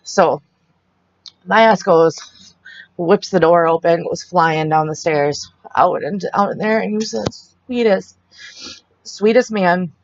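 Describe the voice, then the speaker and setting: A young woman telling a frightening personal story in a halting way, often quoting what people said to her. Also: fairly low pitch. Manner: halting, retells the scene with quoted dialogue. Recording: dull, muffled dry sound.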